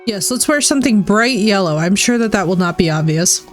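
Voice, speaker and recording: A woman streams a game and banters with her viewers in a casual, joking way, swearing now and then. Her pitch sits mid-range, and faint music runs underneath. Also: expressive, a little fast. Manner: playful, swearing, laughing, chatting with viewers. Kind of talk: casual live-stream chat over gameplay.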